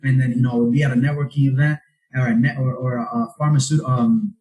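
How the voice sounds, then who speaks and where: A man talking casually as a podcast guest, with a mellow, warm tone. He tells his stories with animation, jumping up in pitch when he acts out what people said. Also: fast talker, low-quality recording. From South Florida. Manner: animated storytelling, acts out quotes with raised pitch. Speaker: real estate investor guest.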